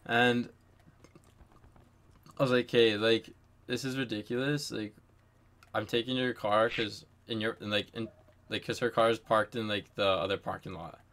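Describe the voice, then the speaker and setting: A man's voice: lowish voice, steady tone, normal speed, long pauses, fairly bright tone. Young guy rambling thru a story to his buddies on a call, like like like, swears a ton. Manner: rambling, heavy on filler "like", swears a lot. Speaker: storyteller in a group chat. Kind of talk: casual story chat with friends.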